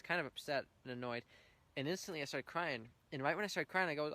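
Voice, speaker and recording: A man's voice: a little high, fast talker, pushed and bright, no room sound. Earnest young man sharing his testimony. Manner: earnest, heartfelt storytelling with emotional swells. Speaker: church member giving testimony. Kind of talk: personal faith testimony.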